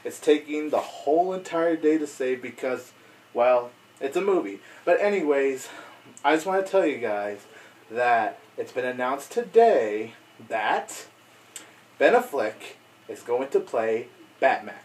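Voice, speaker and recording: A man chatting excitedly to camera in an unedited casual video. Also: mid-range voice, unhurried, distant mic. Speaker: video blogger.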